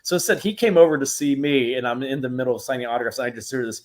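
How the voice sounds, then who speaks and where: A man as a guest in a casual interview, telling lively stories, acting out what others said and laughing often. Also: mid-range voice, very fast. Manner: animated storyteller, acts out quotes, laughs often. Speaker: guest actor.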